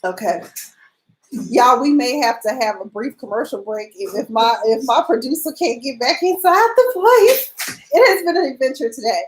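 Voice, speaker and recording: A woman hosting an internet radio show, chatting in a sassy, animated way and telling stories straight to her listeners. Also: sits high, moderate pace, reverberant, slight background noise, poor audio. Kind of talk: casual talk radio monologue.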